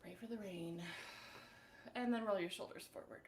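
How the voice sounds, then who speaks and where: Lady coach talking folks thru a morning voice warm-up, gentle and encouraging, lots of ums. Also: mid-range voice, moderate pace, a little hiss or hum. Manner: gentle, encouraging instructions with many fillers. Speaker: vocal coach. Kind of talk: live-streamed vocal warm-up.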